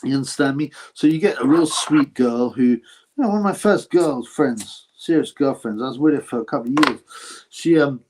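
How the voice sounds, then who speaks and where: A man's voice: mid-range voice, lively intonation, normal speed, a little mellow, a little hiss or hum. A man with a British accent hosting a live stream, reading out viewer questions and answering them in a blunt, crude, casual way. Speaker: livestream host answering chat. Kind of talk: casual live-chat commentary.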